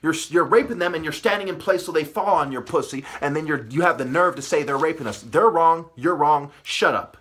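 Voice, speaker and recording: A man delivering a heated, profane spiritual rant. He swings from low muttering to yelling. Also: fairly quick, few pauses, slightly rough. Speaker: channel host.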